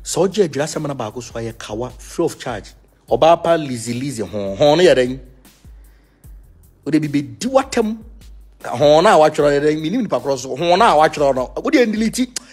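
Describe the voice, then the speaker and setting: A Ghanaian man leads a spiritual movement and talks casually to his followers, teasing them as he goes. His voice sits fairly high and a little husky. He swings widely up and down in pitch as he mixes Twi and English. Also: moderate pace, soft background music. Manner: animated, teasing, switching between Twi and English. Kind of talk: casual talk reacting to viewers.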